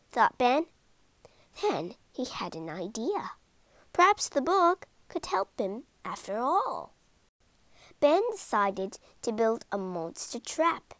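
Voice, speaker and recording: Woman, storybook reader, slow, animated, highish voice, dry close sound. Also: dry recording. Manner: slow, expressive read-aloud. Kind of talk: children's storybook reading.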